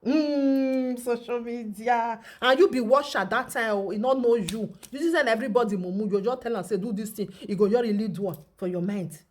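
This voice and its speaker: A woman's voice: a little high, brisk, few pauses, a little mellow. A woman with a Nigerian accent giving chatty, teasing gossip commentary in a vlog, laughing often. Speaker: social media commentator.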